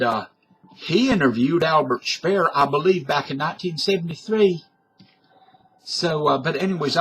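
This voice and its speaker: Sitting at home in front of his webcam, a vlogger in his fifties or sixties wanders through a casual, folksy monologue, frequently correcting himself. His mid-range voice is a bit bright, and there's slight hiss or hum.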